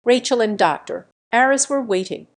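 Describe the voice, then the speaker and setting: A woman's voice: on the high side, moderate pace. Woman narrating a dramatic family story. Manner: steady reading of dramatic first-person story.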